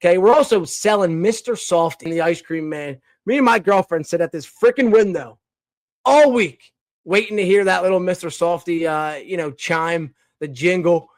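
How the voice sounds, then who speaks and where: Young guy from philly rambling on a podcast, lots of restarts, kinda high voice, dry close mic. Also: moderate pace, no echo. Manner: rambling, animated, with many restarts and fillers. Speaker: podcast host. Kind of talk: casual opinion segment.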